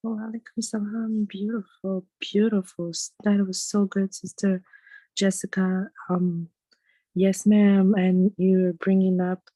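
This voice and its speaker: A woman's voice: mid-range voice, level tone, a little slow, dry recording, low-quality recording. A woman leading a study group on a video call, offering encouraging responses before passing to the next speaker. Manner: encouraging, warm affirmations.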